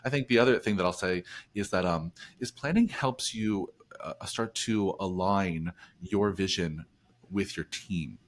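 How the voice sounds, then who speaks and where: A man's voice: sits low, unhurried, slight background noise. A man from New Jersey hosting a business podcast, chatty and upbeat, often restarting phrases as he talks. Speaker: podcast host. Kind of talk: casual podcast conversation.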